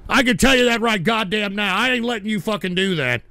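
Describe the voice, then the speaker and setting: Brief: male stream host, high gravelly voice, bright and dry, ranting at chat, erupts into shouts. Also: fairly quick, dry recording. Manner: combative, swings from mutters to shouting. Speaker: livestream host reading chat. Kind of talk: angry livestream rant.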